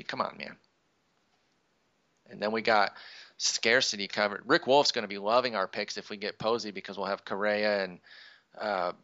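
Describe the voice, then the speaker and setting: Gravelly, sharp-voiced man co-hosting. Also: on the low side, muffled recording. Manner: excitable, swears in frustrated outbursts. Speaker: podcast co-host. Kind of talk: casual chat during a live fantasy draft.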